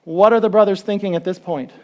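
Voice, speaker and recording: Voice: mid-range voice, quick pace, dull audio. Pastor preaching casually, keeps asking the crowd questions, acts out bits of the story. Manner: conversational, asks the listeners questions; animated storytelling, acts out quotes. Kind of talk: sermon.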